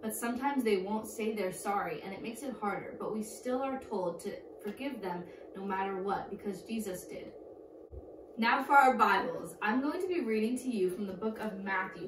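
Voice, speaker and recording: A woman teaching a children's church lesson, upbeat and speaking simply to kids. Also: medium pitch. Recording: echoey room, distant mic, background noise.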